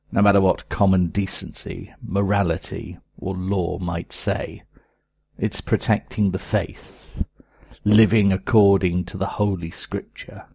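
Deep gravelly man reading slowly. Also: warm tone, no room sound. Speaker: reader of an opinion piece. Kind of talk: read-aloud commentary.

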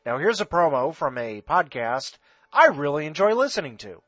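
Male podcast host, wry storyteller; bright, unhurried read, dull lo-fi sound. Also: on the high side, husky, dry recording. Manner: wry, deadpan humor. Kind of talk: short story reading.

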